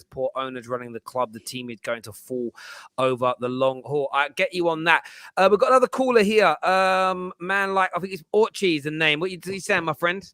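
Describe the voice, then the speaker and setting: A chatty man hosts a live fan show, stumbling over words and laughing often. His voice sits a little high and comes across bright and forceful. The sound is dry and close. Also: clear, resonant tone, no room sound. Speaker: host.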